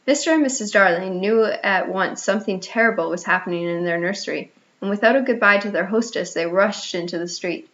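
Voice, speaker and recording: A woman's voice: medium pitch, brisk. Woman reading a storybook aloud. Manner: expressive reading with small restarts. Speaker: audiobook reader. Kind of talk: storybook narration. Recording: slightly muffled lo-fi audio.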